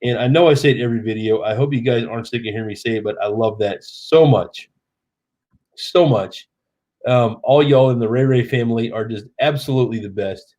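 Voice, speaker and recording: A man's voice: mid-range voice, fairly quick, darkish tone. A man in his thirties, tipsy, hosting a live stream in chatty, rambling casual talk. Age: 30s.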